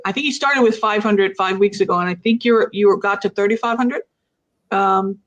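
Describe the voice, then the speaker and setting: Upbeat woman hosting a coaching livestream. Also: mid-range voice. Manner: upbeat, laughs often, asks rhetorical questions. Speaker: host.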